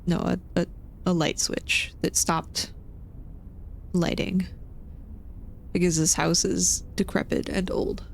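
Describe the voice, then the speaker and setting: A woman from Texas, a streamer telling a story in casual chat while gaming, animated and self-deprecating with nervous laughs. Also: fairly low pitch, takes it slowly, gravelly, long pauses, a little hiss or hum.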